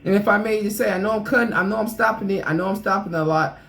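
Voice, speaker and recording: A man's voice: sits high, quick pace, creaky, fairly bright tone, rough recording. A man hosting a casual reaction video, blunt and opinionated, talking straight to the person he reacts to.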